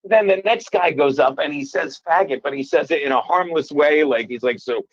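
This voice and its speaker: A man's voice: fairly high pitch, fairly quick, muffled recording. A man, a comedian, telling a rambling story in casual chat and laughing at himself as he goes. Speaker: comedian guest.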